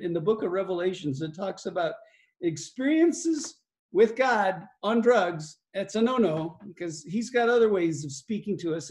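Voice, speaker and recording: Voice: mid-range voice, a little mellow. A pastor giving conversational Bible teaching and reading scripture aloud, with fillers and chuckles.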